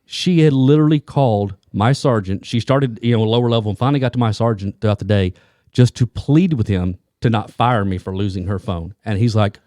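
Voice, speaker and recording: A man's voice: on the low side, brisk, dark tone, dry recording, clean studio sound. A man co-hosting a podcast, telling a rambling anecdote full of restarts and asides in casual chat. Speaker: police detective and co-host.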